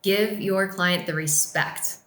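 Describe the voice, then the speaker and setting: A woman's voice: medium pitch, takes it slowly, fairly bright tone. A woman speaking as a podcast guest, earnestly explaining how to treat clients in a casual chat. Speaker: podcast guest, office staff. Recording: echoey room.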